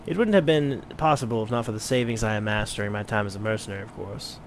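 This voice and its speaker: A man voicing a blind retired mercenary turned wine merchant, measured, courteous and wordy, for a game playthrough. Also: fairly low pitch, slight background noise, close to an everyday voice. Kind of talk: let's play voice acting.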